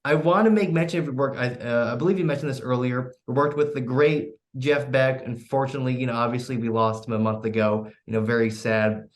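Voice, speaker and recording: A man's voice: medium pitch, steady tone, a little fast, few pauses. A young man hosting a student radio interview, often stammering and restarting with lots of "you know". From United States. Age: young adult. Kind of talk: casual interview.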